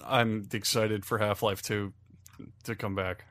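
Podcast guy with a bright sharp voice, mocking banter, dry close mic. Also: on the low side, little pitch movement, unhurried, dry recording. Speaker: podcast co-host. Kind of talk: casual chat.

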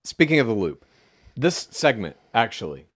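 A middle-aged man co-hosting a podcast, teasing and swearing in relaxed banter. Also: medium pitch, normal speed, breathy edge. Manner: lively, teasing, profane. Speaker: podcast co-host. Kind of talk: casual stoned banter.

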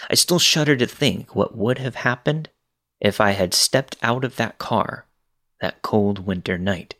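A man with a fairly low voice narrates creepy true stories. His reading is steady and measured, paced for suspense rather than drama.

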